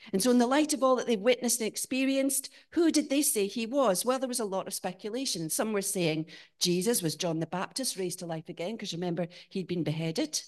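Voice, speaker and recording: Woman preaching in church, gets loud on the big points then goes quiet asking questions, mid-pitched voice. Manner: animated, rising to emphatic peaks and dropping to quiet questions. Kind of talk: sermon.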